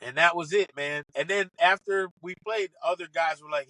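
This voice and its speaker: A man, a comedian guest on a podcast, telling funny stories in an animated, excitable way and acting out the lines of the people in them. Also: fairly high pitch, normal speed, few pauses, no room sound, rough recording. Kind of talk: casual comic storytelling.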